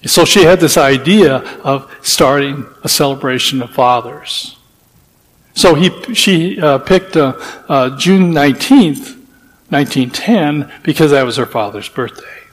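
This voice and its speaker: A preacher delivers a sermon built on stories, told in a folksy, meandering style with frequent restarts. His voice is a little high, animated and a little slow. The audio is poor, with the sound of a big room.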